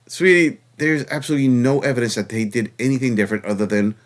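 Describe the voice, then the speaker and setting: A man delivering reaction commentary with a sarcastic, mocking edge. He lectures in a mid-pitched, ordinary male voice, scolding rather than chatting. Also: fast, few pauses. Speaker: channel host reacting to clips.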